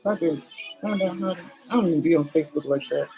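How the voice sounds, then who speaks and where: A woman's voice: sits low, quick pace, gravelly, dark tone, muffled recording, soft background music. A middle-aged woman talking candidly to her camera in a chatty, emotional vlog, swearing casually as she goes. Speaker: vlogger.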